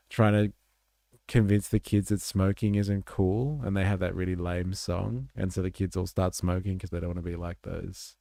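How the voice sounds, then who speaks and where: A man's voice: sits low, creaky, a little mellow, dry recording, studio quality. A man hosting a live stream, chatting casually and reacting to clips with swearing and laughter. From Australia.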